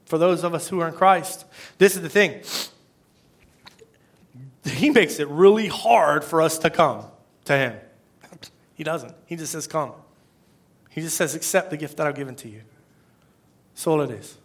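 A man preaching a sermon as pastor, conversational and swinging from hushed to emphatic. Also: on the high side, normal speed, long pauses.

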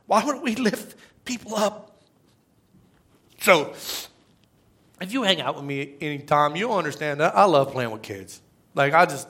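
Preacher guy, high bright voice, chatty energetic sermon. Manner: energetic, conversational, tag questions. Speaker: pastor.

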